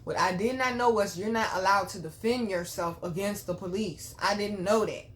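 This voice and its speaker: A woman's voice: medium pitch, normal speed, a bit bright. Young woman host, mid-range voice, tells her story to camera bluntly with plenty of swearing. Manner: blunt, profane, talks straight to viewers. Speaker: channel host.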